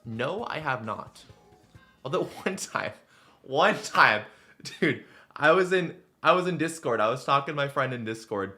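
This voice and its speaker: A streamer in his twenties with a medium-pitched voice talks a little slowly while gaming, soft music in the background. He tells rambling, animated stories, casual and crammed with filler words.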